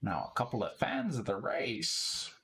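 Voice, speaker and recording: A man voicing a guarded, hesitant man who confides in a low voice, full of pauses and fillers. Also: wildly swooping pitch, vocal fry, bright, forceful tone, full character voice.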